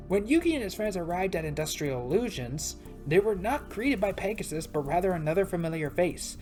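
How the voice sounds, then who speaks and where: A woman's voice: fairly low pitch, sing-song, brisk, few pauses, dark tone, faint music behind. A woman narrating a story game as a let's play host, chatty and full of asides.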